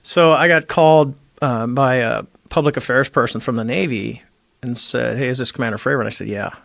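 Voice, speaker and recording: A middle-aged former Navy squadron commander tells a story in casual conversation, speaking briskly in a gravelly, mid-range voice. He's an animated storyteller who acts out the quoted lines, and the clean studio recording has no room sound.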